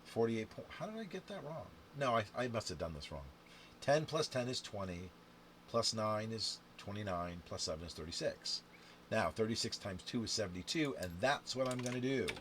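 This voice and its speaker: A lower-voiced man tallies dice points out loud and talks straight to the viewer, his pitch swinging widely as he breaks into sudden shouts. Clicking and typing sounds sit under a clear, steady noise floor. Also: moderate pace. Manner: counts scores aloud and talks to the viewer, with sudden loud outbursts. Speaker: game instructor. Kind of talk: playing and explaining a dice game to camera.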